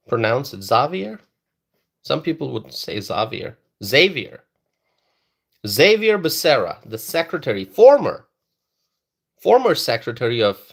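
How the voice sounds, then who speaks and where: A man's voice: fairly high pitch, vocal fry. A man hosting a live political stream, talking straight to his chat viewers and repeating phrases for emphasis. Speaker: political livestream host.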